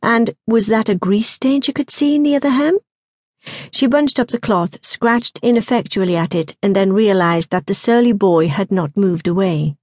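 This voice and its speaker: A woman narrates a suspense novel in a measured, even way. Her voice sits at a middling pitch, and the studio sound is dry and close with no room echo. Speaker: audiobook narrator. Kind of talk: scripted narration.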